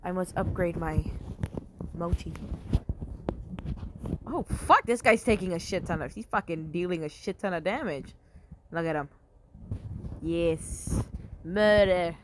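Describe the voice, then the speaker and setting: A woman talks through a mobile game in a slow, unhurried drawl with a slightly low voice. She swears freely and breaks into yelps when things go wrong. A faint hiss sits under the recording. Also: fairly even intonation, a little mellow. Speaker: gamer. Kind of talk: casual mobile game commentary.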